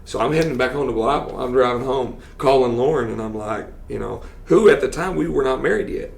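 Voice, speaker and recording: A man, a coach telling lively stories on a podcast and acting out what people said. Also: mid-range voice, fast, gravelly. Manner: animated storyteller who acts out quotes with laughs. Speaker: football coach and teacher.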